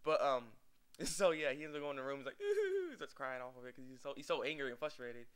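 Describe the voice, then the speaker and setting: Young guy rambling thru an anime recap, talks fast, bright voice, laughs a lot. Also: fairly high pitch, very animated, clear, resonant tone. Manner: rambling, acts out characters' lines with laughs. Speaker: anime reviewer. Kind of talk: casual episode recap.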